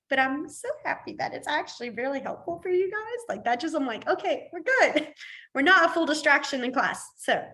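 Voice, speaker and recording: A woman's voice: a little high, fairly bright tone. A young woman teaching a casual class, chatty, with frequent laughs and fillers. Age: young adult. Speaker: sign language teacher.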